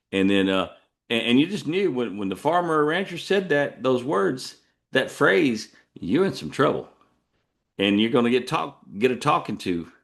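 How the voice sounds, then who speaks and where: A Texan man hosting a show, telling a rambling folksy story full of asides. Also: medium pitch. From Texas. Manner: folksy, digressive, drawling asides. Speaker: podcast host.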